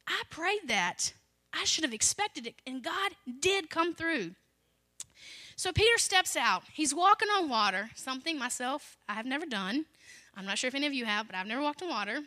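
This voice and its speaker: A woman's voice: sits high, very animated, moderate pace, bright, forceful tone. A young adult woman, a children's pastor, preaching a sermon in an emphatic, conversational way, repeating her key lines.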